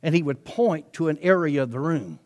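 A man's voice: fairly high pitch, expressive, brisk, a little mellow. A male preacher, telling a story in his sermon in a folksy, chatty way with frequent asides.

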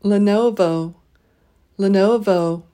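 A woman leading a pronunciation drill, saying each word twice and pausing so listeners can repeat. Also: medium pitch, dark tone. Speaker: pronunciation teacher.

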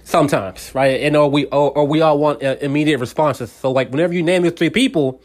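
A man's voice: fairly high pitch, brisk. A man hosting his own talk show, speaking earnestly and directly to the listener in a casual, rambling way with many restarts. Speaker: radio show host.

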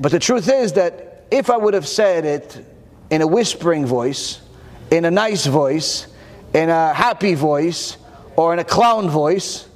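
A man delivers a Torah lecture to an audience, animated and peppered with rhetorical questions. His voice is fairly high, he often repeats words while searching for the next one, and the recording has a big-room sound.

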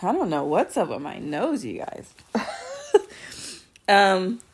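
A woman's voice: fairly low pitch, big pitch swings, slow, slight background noise. A young woman hosting a podcast, recapping a reality show in casual chat, sarcastic and laughing often.

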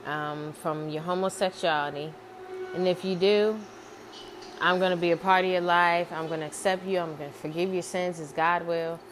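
A woman's voice: fairly low pitch, fairly even intonation, normal speed, slight background noise, close to an everyday voice. A woman voicing a strict, religious father who is furious and harsh, casually quoted while she retells a story. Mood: angry. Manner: harsh, threatening.

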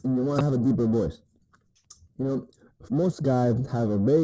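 Very dark-voiced man giving casual dating advice. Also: medium pitch, normal speed, no echo, poor audio. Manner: laid-back, profane, rambling, repeats "you know what I mean".

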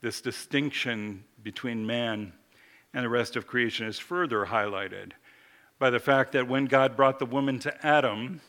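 A man preaching with a bright, forceful voice at a middle pitch. He delivers his sermon deliberately, lingering over quoted verses and pressing hard on his main points. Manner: measured, slows for scripture quotes, builds emphasis.

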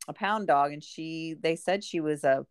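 A middle-aged woman talks casually, rambling with plenty of fillers. Her voice sits a little low. The recording is dry and close. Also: moderate pace, smooth, no echo. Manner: chatty, rambling with many fillers. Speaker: guest. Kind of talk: casual chat.

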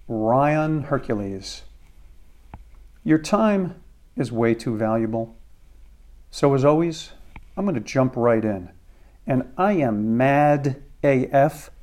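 A man's voice: mid-range voice, lively intonation, takes it slowly, long pauses, darkish tone. An American man hosting a podcast, delivering a crude, sarcastic comedic rant. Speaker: podcast host.

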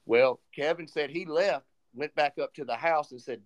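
Casting: male podcast co-host, slightly higher voice, lively storyteller. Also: moderate pace, few pauses. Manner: animated retelling, acts out quoted dialogue. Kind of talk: casual storytelling chat.

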